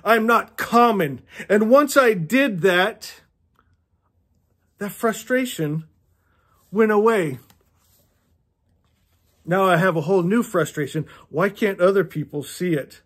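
A man's voice: sits high, animated, slow, long pauses, a bit bright. A man in his fifties reading a novel aloud on his channel and breaking off for impassioned, preachy asides, chuckling often. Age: 50s. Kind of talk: earnest read-along commentary.

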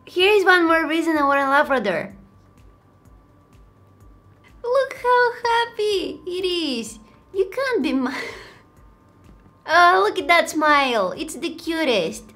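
Woman, high voice, very animated pitch, casual reaction chatter. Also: measured pace. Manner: animated, exclaiming and laughing at clips. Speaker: reaction video host.

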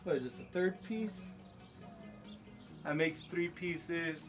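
A man's voice: fairly high pitch, slow pace, music in the background. A man from the United States chatting casually with viewers on a livestream while he works on craft pieces outdoors, joking and laughing often. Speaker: livestreamer making stone-look art.

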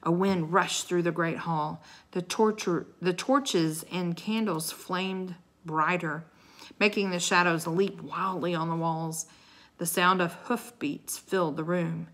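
A woman reading a children's chapter book aloud, slowly and clearly. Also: lowish voice, steady tone, fairly bright tone. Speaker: storybook reader. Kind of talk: slow read-aloud narration.

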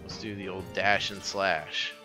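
Low-voiced man rambling over game music. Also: fairly even intonation, measured pace. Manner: rambling, filler-heavy explaining. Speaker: let's player. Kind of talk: casual gameplay commentary.

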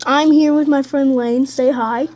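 Young female gamer, high voice, excitable casual commentary. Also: a little slow, noisy background. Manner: excitable, bursts into high squeals and drops to mutters. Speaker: gameplay commentator.

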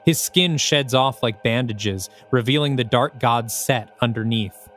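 A man's voice: mid-range voice, measured pace, a bit bright, soft background music. A man, the host of a podcast, reading his own screenplay aloud with dramatic, descriptive present-tense narration.

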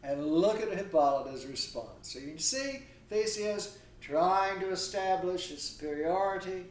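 A man giving a recorded literature lecture, halting with many pauses and fillers, reading quoted verse with louder emphasis. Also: high-pitched, lively intonation. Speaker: literature instructor. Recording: roomy echo, distant mic, faint noise.

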